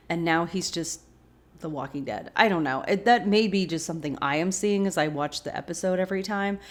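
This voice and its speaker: A woman hosts a rewatch show in a slightly lower-pitched voice. She recaps the episode casually and reacts openly as she retells it, gasping and protesting at the twists. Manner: expressive, reacts emotionally while retelling.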